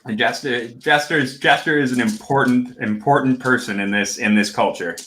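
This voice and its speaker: Bright-voiced man running a tabletop game. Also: mid-range voice, echoey room, slight background noise. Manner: halting, full of fillers and restarts. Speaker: game master.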